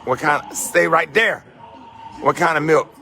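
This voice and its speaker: A middle-aged man chats at home in a casual video, his voice gravelly and bright, sitting a bit high for a man. He teases a young child, firing off one quick question after another. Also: faint music behind. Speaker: radio host filming at home with grandchildren. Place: home, indoors.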